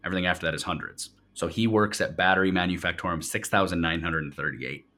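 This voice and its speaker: A man with a very low voice running a tabletop role-playing game as game master. He narrates scenes and explains the rules in a casual, explanatory way. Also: fast, pushed and bright. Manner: explanatory, with fillers and restarts.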